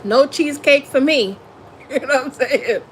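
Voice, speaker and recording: A woman's voice: sits high, normal speed, a little hiss or hum, low-quality recording. A woman tarot reader chatting casually on a live stream, laughing often and talking in a blunt, slangy way. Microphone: phone or webcam on a live stream.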